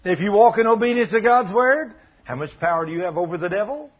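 Fast and high-pitched, a male preacher delivers a sermon through a muffled recording, animatedly telling stories and acting out the people in them.

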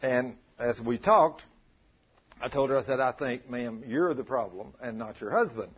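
A man preaching a sermon, telling folksy stories with a chuckle in a husky voice. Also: medium pitch, normal speed, lo-fi sound.

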